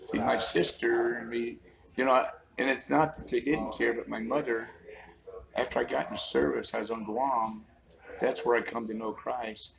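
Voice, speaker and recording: A man's voice: medium pitch, steady tone, normal speed, vocal fry, highs cut off. A man, telling joking, folksy stories in a casual roadside chat. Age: 50s. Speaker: interviewee. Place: roadside outdoors. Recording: crowd chatter behind.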